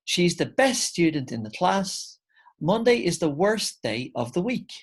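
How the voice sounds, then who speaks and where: Male English teacher, online grammar lesson; relaxed, step-by-step explainer, friendly "guys" address. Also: sits high, a little slow, husky.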